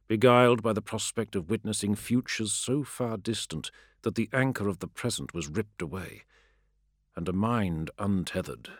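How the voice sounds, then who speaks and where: A man narrating a fantasy audiobook in a steady, darkly dramatic way. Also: on the low side, no echo, clean studio sound.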